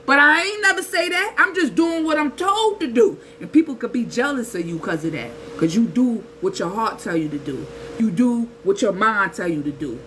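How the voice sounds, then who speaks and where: A woman, giving a casual spiritual talk in an animated, preachy way with slang and rhetorical asides. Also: on the high side, normal speed, few pauses, a little hiss or hum, low-quality recording. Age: 30s. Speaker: spiritual channel host.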